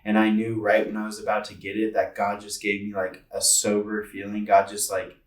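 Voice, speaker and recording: A young man in his twenties shares a long personal story on a podcast, speaking earnestly and rambling through plenty of filler words. His voice sits low and stays flat, and he sounds set back from the mic in a roomy space. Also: fairly quick, recorded from a distance. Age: 20s. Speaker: podcast co-host.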